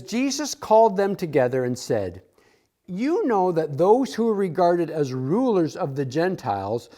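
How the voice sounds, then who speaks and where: A man teaching a church Bible class from an outline, acting out the quoted voices of the disciples. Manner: animated, acts out quoted voices with rising pitch.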